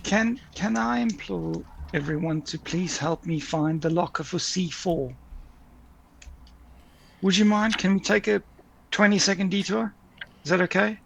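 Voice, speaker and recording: A man's voice: high voice, measured pace, vocal fry, long pauses, fairly bright tone, a little hiss or hum, low-quality recording. A man playing in a tabletop game, asking the group politely for help. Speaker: player.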